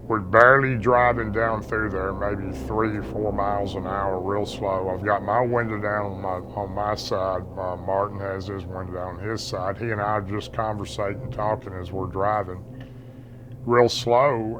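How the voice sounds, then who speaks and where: A man's voice: lowish voice, fairly bright tone, a little hiss or hum, low-quality recording. A man earnestly recounting a frightening night encounter as an eyewitness, rambling and restarting as he talks. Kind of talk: interview testimony, recounting an encounter.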